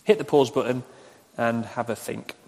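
Measured preacher in a reverberant hall. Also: male voice, mid-range voice, darkish tone. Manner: measured, repeats questions slowly. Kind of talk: recorded online sermon. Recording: echoey hall with long reverb.

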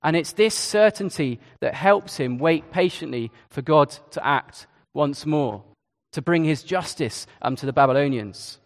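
A man's voice: fairly high pitch, lively intonation, measured pace, big-room sound. A man preaching a sermon in a conversational way, with hesitations and asides. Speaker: Church of England preacher.

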